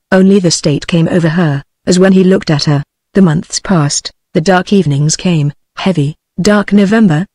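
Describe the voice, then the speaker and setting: This text-to-speech audiobook narrator is a woman with a British accent and a fairly low pitch. She reads a novel in a steady, measured manner, captured in clean studio sound with no room sound.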